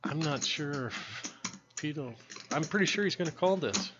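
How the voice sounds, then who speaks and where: A man's voice: on the high side, animated, moderate pace, highs cut off. A man co-commentating a live poker stream in a conversational way, explaining hands and rules.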